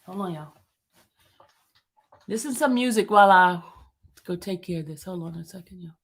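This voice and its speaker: A woman's voice: on the low side, moderate pace. A woman hosting a livestream from home, chatting casually with viewers and calling them y'all. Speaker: livestream host.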